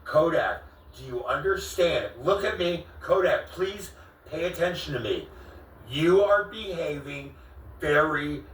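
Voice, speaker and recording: A man with a bright, slightly high voice that keeps cracking asks the same questions again and again, slowly and with mounting exasperation. He sounds a little distant from the mic in an echoey room. Faint room ambience sits behind him. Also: expressive, a little hiss or hum. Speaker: vlogger confronting a friend. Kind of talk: heated confrontation on camera.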